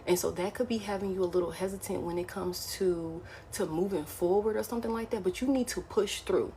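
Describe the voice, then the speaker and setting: A woman's voice: medium pitch, a little fast, dark tone, slight background noise. A woman giving a casual, frank tarot reading who keeps repeating her key phrases. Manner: repeats phrases, frank and blunt, addresses listener as baby. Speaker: tarot reader.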